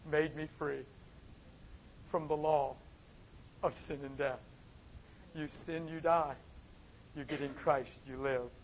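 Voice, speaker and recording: High-voiced preacher, dull lo-fi recording. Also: male voice, fairly even intonation. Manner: shifts between soft asides and loud emphatic preaching; drawn-out emphatic phrasing. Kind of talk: sermon. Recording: dull, lo-fi with faint noise.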